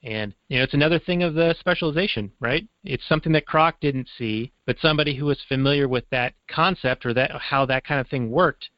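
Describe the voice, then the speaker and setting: A man's voice: medium pitch, fairly quick, few pauses, no room sound. Wry male co-host, dry lo-fi sound. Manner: wry, explanatory, teasing. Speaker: podcast co-host. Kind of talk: casual movie discussion. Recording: dry, slightly dull lo-fi sound.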